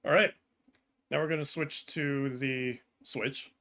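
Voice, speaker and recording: A man's voice: medium pitch, fairly even intonation, takes it slowly, fairly bright tone. A man chatting casually on a live stream, hesitant with frequent ums and restarts.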